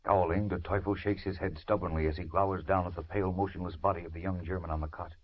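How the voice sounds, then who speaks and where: A man's voice: low voice, steady tone, fast, husky. A man narrating a 1940s radio adventure serial in a dramatic, suspenseful manner. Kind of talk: scripted narration. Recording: muffled old radio broadcast.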